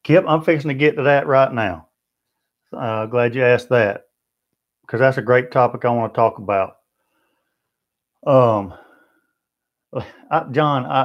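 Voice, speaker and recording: The man's medium-pitched voice is unhurried, with long pauses, and the audio is dull. With a Southern US accent, he hosts a BBQ livestream, chatting in a friendly manner and replying to viewer comments one by one.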